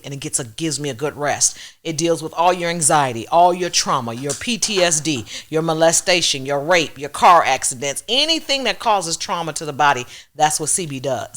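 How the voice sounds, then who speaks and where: A woman comedian appears as a podcast guest and speaks in a low voice. She explains things plainly in casual chat and drops in short agreeing replies. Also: a bit bright.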